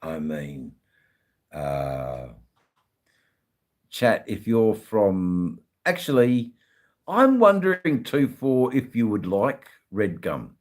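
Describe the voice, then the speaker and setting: A middle-aged Australian man talks casually to his livestream chat, stumbling over words and filling gaps with ums and uhs. His voice sits very low and he takes his time. He swears offhandedly as he goes. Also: big pitch swings. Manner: halting, many ums and repeated words. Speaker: livestream host.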